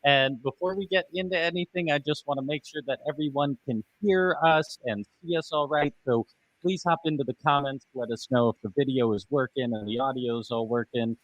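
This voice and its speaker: A man's voice: mid-range voice, brisk. A man hosting a live online workshop, upbeat and chatty, greeting viewers and reading their comments aloud. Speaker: event host.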